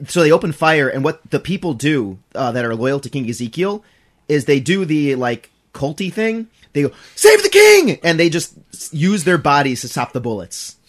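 A man in casual chat, animatedly recounting a story and acting out the characters. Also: medium pitch. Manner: animated retelling, acts out characters.

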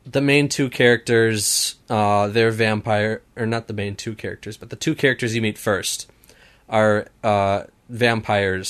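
Male co-host, unhurried and halting, smooth clear voice. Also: lowish voice. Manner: hesitant, halting, with many ums and restarts. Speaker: podcast co-host. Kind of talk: casual chat.

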